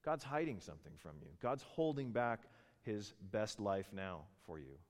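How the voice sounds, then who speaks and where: Man doing a sly male serpent devil, low and hushed, coaxing, long echoing hall. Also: big pitch swings, measured pace.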